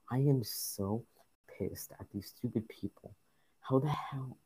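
A man with a fairly low voice talks over his gameplay, muttering and complaining whenever things go wrong. His commentary stays casual as he curses at the game and urges his characters along. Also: measured pace, warm tone. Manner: frustrated, grumbling, swearing at the game. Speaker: gaming YouTuber.

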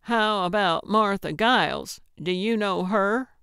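A perky old lady sleuth, as a woman reads her, cheeky and bright in spirit. She talks slowly in a smooth, crisp voice, recorded close and dry. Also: medium pitch, no room sound. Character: chipper older woman amateur sleuth.

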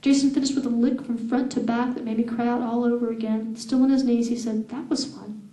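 Lady reading her book out loud at an event, kinda high voice, echoey room. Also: fairly quick, far from the mic. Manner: steady reading with laughing asides to the audience. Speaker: author reading her novel.

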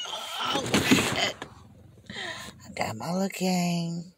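An older woman, ranting as a delivery driver from her parked car in an animated, repetitive way, swinging from shouting to whispering. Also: on the low side, measured pace, gravelly, long pauses, very noisy. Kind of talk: ranting vlog.

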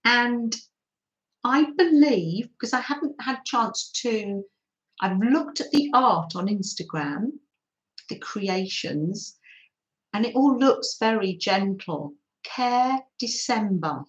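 An older woman talks in an unhurried, easy way, greeting viewers during a relaxed craft live stream. Her soft, chatty voice carries some room echo. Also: fairly high pitch. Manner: soft, chatty, often laughing and apologising. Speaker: craft channel host.

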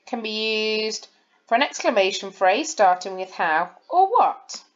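A woman's voice: medium pitch, sing-song, measured pace, highs cut off. A woman, a primary school teacher giving a recorded lesson and explaining patiently, step by step, to young children. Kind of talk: recorded lesson over slides.

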